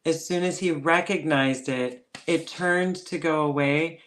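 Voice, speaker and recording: A chatty woman from northern Minnesota co-hosts a relaxed podcast. She tells her stories with frequent laughter. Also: low voice, unhurried. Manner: chatty storyteller, laughs often. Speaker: podcast co-host. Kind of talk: casual podcast chat.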